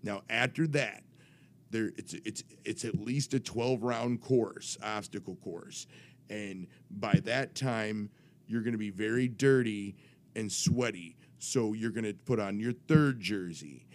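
Man doing a stern commissioner, low voice, flat insistent rule-reading. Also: slow pace. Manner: flat, insistent repetition of rules.

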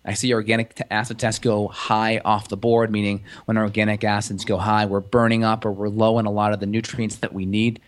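A man's voice: lowish voice, flat delivery, a little fast, hardly any pauses. A man co-hosting a casual health podcast, explaining clinical details in an easygoing, explanatory way with frequent restarts. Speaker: functional medicine practitioner co-host.

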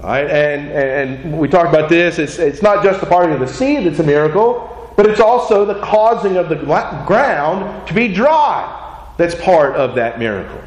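A man with a high voice delivers a teaching sermon in a casual, conversational manner. He often asks rhetorical questions and tags on "right?" as he goes. The sound bounces around a reverberant room. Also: animated, normal speed. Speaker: preacher. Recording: echoey room.

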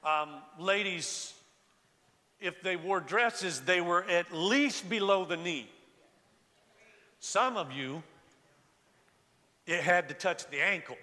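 A man's voice: sits high, slow, long pauses, sharp tone, long reverb tail. An older man preaching a sermon in a church sanctuary, talking with the congregation, asking them to raise their hands and often restarting his sentences. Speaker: pastor.

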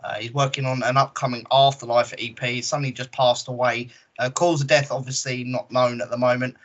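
A man hosting a casual gaming podcast, talking in a relaxed way with many fillers. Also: medium pitch, fairly quick. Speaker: podcast host. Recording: dull lo-fi audio.

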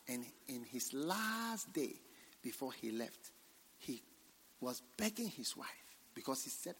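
A male preacher delivering a revival sermon. He swings from hushed asides to shouted points and repeats his phrases for emphasis. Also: medium pitch, very animated, slow pace, a little hiss or hum. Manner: dramatic swings between hushed and shouted lines.

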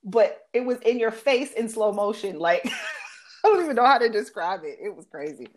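A woman's voice: mid-range voice, animated, normal speed, a little hiss or hum. A young adult woman in a casual chat with a friend, earnest and reflective, stretching words for emphasis.

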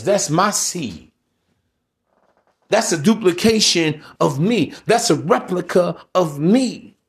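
A man's voice: high-pitched, vocal fry. A man hosting a solo podcast, ranting in a blunt, preachy, profane way. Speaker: podcast host.

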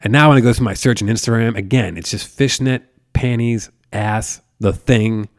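This is a man in his thirties with a gravelly, fry-tinged voice, hosting a podcast from his home. He talks in loose, swear-heavy rambles that keep drifting off on tangents. The recording sounds dry, with the mic close to him. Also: mid-range voice, normal speed, dry recording. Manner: profane, tangent-prone storytelling. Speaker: podcast host. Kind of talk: casual rambling chat.

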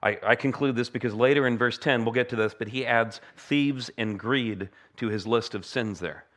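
American pastor preaching and praying. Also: male voice, medium pitch, normal speed, fairly bright tone. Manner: earnest, conversational preaching with humorous asides. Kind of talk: sermon with opening prayer.

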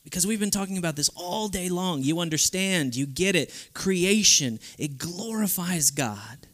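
A man with a fairly high voice preaches at a youth camp. His delivery is animated, and he slips into the voices of the people he quotes. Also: normal speed. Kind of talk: sermon.

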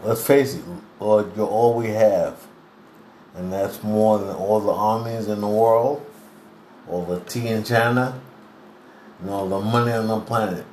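A man giving a devotional sermon in an earnest, deliberate preaching manner, clearing his throat now and then. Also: fairly low pitch, darkish tone. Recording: roomy echo, faint background hiss.

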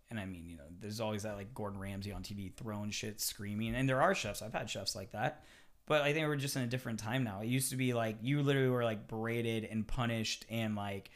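A man who works as a chef, talking casually on a podcast and swearing freely as he acts out kitchen quotes with animated energy. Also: on the low side.

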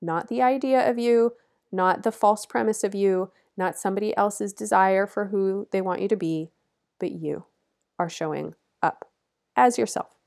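A woman's voice: medium pitch, normal speed, vocal fry, a little mellow. Earnest, encouraging woman astrologer. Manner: earnest, encouraging, laughs between phrases; emphatic repeated instructions. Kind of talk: astrology forecast talk.

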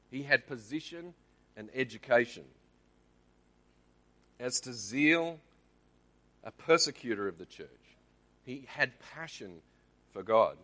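A man's voice: medium pitch, animated, takes it slowly, long pauses, bright, forceful tone. An Australian man giving a conversational Bible teaching in church, often checking in with the congregation. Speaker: lay preacher.

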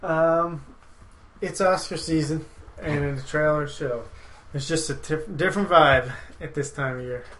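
A man's voice: on the high side, unhurried, fairly bright tone, a little hiss or hum, rough recording. Man hosting a casual movie podcast. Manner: rambling, opinionated, laughs often. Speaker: podcast host.

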